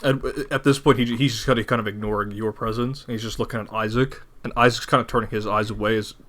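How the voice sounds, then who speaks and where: A man narrating as game master of a tabletop game, with frequent pauses and fillers. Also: fairly low pitch, steady tone, a bit bright. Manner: halting, with many fillers and restarts.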